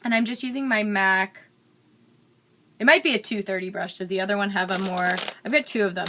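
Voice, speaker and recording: A woman's voice: mid-range voice, a bit bright. A young woman chatting candidly while doing her makeup in a get-ready-with-me vlog, rambling and full of fillers. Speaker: beauty vlogger.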